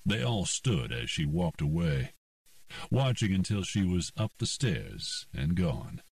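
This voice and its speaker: Slow, deep-voiced male narrator. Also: vocal fry, dry recording. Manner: steady, unhurried storytelling. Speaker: audiobook narrator. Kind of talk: scripted narration. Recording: dry, slightly distant mic.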